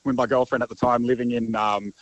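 Relaxed caller telling a story. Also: male voice, medium pitch, quick pace, no room sound, dull audio.

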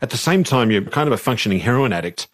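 Fast-talking male interviewer, dry close sound. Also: mid-range voice, lively intonation, no echo. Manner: direct, summarizing questions. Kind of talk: interview questions.

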